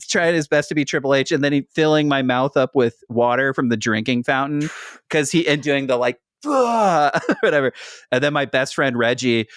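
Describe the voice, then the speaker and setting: A man in relaxed podcast banter, animated and playful, who keeps slipping into goofy bits. His voice sits at an ordinary middle pitch and is recorded close and dry, with no room sound. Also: no echo. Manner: animated, joking, breaks into impressions. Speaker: podcast co-host. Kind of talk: casual chat.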